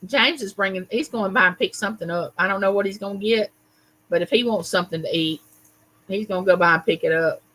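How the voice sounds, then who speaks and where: A woman's voice: medium pitch, quick pace, a bit bright, low-quality recording. A woman, hosting a casual livestream, telling a story with animation and greeting viewers by name. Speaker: livestream host.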